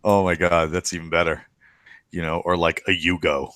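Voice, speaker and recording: A man's voice: deep voice, little pitch movement, normal speed, fairly bright tone. A man playing in a tabletop game, chatting casually with enthusiasm and laughing often. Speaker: player. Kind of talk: casual tabletop podcast chat.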